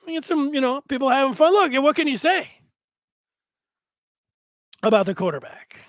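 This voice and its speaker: A man's voice: very high voice, fairly bright tone, no room sound. A man hosting a casual sports talk show, reading viewer comments aloud and rambling with frequent restarts.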